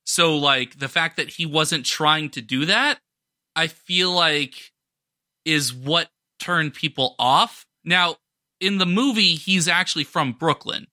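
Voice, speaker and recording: A man's voice: fairly high pitch, slow, bright, forceful tone, no echo, clean studio sound. A man cohosting a podcast, chatting enthusiastically about a movie and often restarting his sentences. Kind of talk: casual chat.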